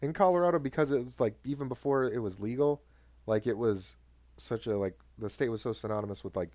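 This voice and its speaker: A man's voice: mid-range voice, a little fast, no room sound. Swearing, storytelling podcast guy. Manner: swears often, animated retelling of cop stories. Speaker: podcast co-host. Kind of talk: casual chat, storytelling.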